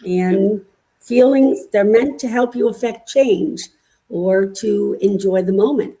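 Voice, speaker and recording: A woman hosting an interview, asking questions in a measured way with frequent fillers. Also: mid-range voice, warm tone, poor audio. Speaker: host interviewer.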